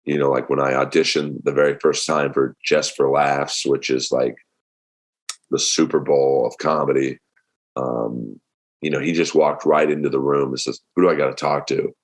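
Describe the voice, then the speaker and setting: Male comic guest, deep voice, rambling and easygoing with lots of fillers. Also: moderate pace. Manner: relaxed storytelling with many fillers. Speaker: stand-up comedian guest. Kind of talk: casual interview talk.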